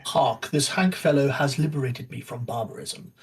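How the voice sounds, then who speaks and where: A man voicing a refined, well-mannered monster with a posh, breathy delivery. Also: mid-range voice, moderate pace, distant mic, low-quality recording. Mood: mock-genteel. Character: posh refined monster, male, hungry, genteel.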